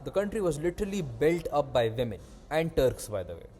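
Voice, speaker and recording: A young man hosting a casual podcast, telling animated, rambling stories and swearing freely. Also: fairly high pitch, fairly quick, soft background music. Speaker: podcast host. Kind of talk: casual chat.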